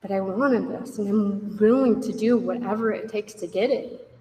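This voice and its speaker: A woman's voice: mid-range voice, normal speed, a little hiss or hum. Woman sharing her recovery story in a hall. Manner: candid, animated, acts out dialogue with raised voice. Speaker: speaker at a recovery meeting. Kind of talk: personal recovery story told to a group. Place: meeting room. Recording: echoey hall from far off.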